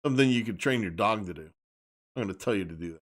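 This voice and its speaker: A man's voice: lowish voice, expressive, fast. A man hosting a live stream, speaking bluntly and emphatically in a casual rant and often repeating himself.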